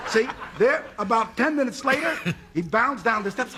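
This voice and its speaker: A man from Brooklyn, a talk show guest, telling a comic anecdote in an animated way and voicing both sides of the dialogue himself. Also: extremely high pitch, brisk, noisy background. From Brooklyn, New York.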